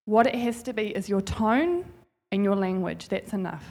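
A woman's voice: mid-range voice, animated, moderate pace, creaky, warm tone. A woman giving an informal, heartfelt church talk in a chatty, rambling way. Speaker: church speaker. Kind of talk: informal sermon testimony.

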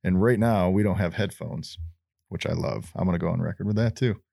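Opinionated firefighter man, low and dry. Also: brisk, creaky, mellow, no room sound. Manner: opinionated, profane, says things "on record". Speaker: podcast co-host, firefighter. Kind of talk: casual chat.

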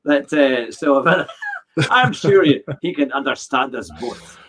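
A man's voice: medium pitch, sing-song, slow pace, fairly bright tone, a little hiss or hum. A man with a Scottish accent hosting a live-streamed podcast. He is friendly, laughs easily and reads out viewer comments. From Scotland. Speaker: podcast host.

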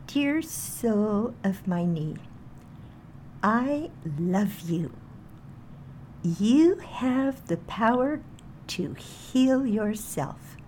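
A woman's voice: medium pitch, darkish tone, a little hiss or hum. A woman teaching a guided healing meditation, speaking in a soothing way and chanting short phrases over and over.

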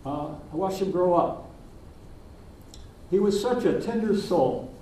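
An older man preaching in a church, telling his story slowly and gently with pauses. His voice is mellow and a bit high for a man. It is picked up from a distance and rings through a reverberant sanctuary. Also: expressive, a little hiss or hum. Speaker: minister. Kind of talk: sermon.

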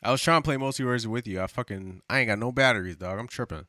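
A man's voice: mid-range voice, fast, pushed and bright, no room sound, studio quality. A man co-hosting a podcast, talking in a loose, rambling way with lots of fillers and swearing. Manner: rambling, profane, with many fillers. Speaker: podcast co-host. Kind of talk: casual chat.

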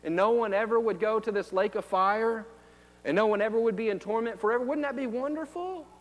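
A high-voiced man preaching a sermon and retelling scripture scenes to his listeners. He drops to a hush and then rises to fervent, loud exhortation. He often asks them rhetorical questions, and his voice rings with a long reverb in the hall. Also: fairly quick. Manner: swings from hushed storytelling to loud, fervent exhortation.

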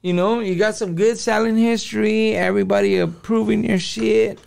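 High gravelly man swearing in street slang. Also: fairly even intonation, normal speed, darkish tone, no room sound. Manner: profane street slang, calls listener dog. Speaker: podcast guest. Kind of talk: casual interview storytelling.

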